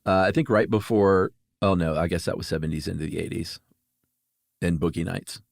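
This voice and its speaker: A man co-hosting a podcast in an easygoing chat, his voice sitting low. He chuckles and drops fillers as he explains. The sound is dry and close, with no room around it. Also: fairly quick, gravelly, no room sound. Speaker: podcast co-host. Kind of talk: casual chat.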